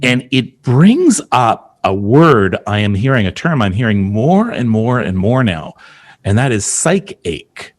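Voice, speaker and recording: Guy hosting a podcast, middle pitch, kinda halting, repeats words a lot. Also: very animated. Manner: reflective, stammers and repeats words. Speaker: podcast host. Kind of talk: podcast conversation.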